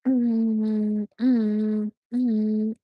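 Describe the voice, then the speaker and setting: A woman's voice: medium pitch, flat delivery, drawn-out words, no room sound, highs cut off. A woman hosting a casual live stream chat, rambling with many fillers and laughing often. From United States. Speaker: livestream host.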